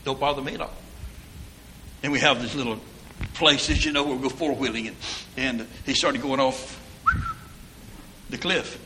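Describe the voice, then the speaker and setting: Older man preaching, folksy storyteller, bright forceful voice, faint hiss behind. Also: mid-range voice, steady tone, moderate pace. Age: 60s. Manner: rambling folksy anecdotes, down-home grammar.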